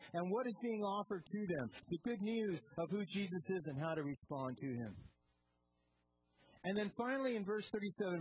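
A pastor delivering a sermon in an emphatic, conversational way, stopping to ask the congregation questions and waiting for them to answer. The speech is full of repeated words and restarts, and ancient words get unpacked for the listeners. A faint noise sits under the voice, with a mid-range pitch. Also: low-quality recording. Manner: asks the congregation questions and prompts responses; explains Greek and Aramaic words.

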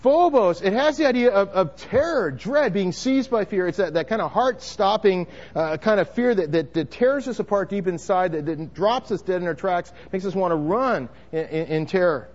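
A man with a slightly high voice preaching a sermon, driving his points home with emphasis and often restarting or repeating words. The recording is muffled and lo-fi. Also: lively intonation, moderate pace, hardly any pauses. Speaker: pastor.

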